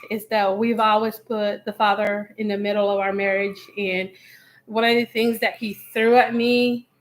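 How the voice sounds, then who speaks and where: Animated high-voiced woman storyteller. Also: rough recording. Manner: animated, acts out both sides of the quarrel with laughs. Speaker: co-host telling a marriage story. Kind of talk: live Q&A storytelling.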